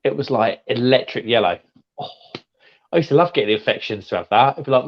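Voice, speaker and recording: A man in his thirties reminiscing in quick banter on a stream. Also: mid-range voice, expressive, muffled recording. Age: 30s.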